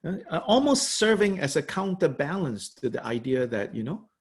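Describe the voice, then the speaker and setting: A man lectures on a religious text as a Buddhist teacher, speaking in a thoughtful, halting way. His voice has a gravelly edge and moves up and down widely in pitch. He fills his pauses with soft fillers and laughs lightly now and then. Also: sing-song. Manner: laughs lightly while explaining.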